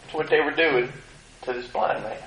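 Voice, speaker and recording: A man's voice: fairly high pitch, fairly even intonation, normal speed, a bit bright, a little hiss or hum. A male preacher giving an emphatic sermon and reading scripture aloud. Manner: emphatic, reads scripture in old-fashioned phrasing. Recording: echoey room.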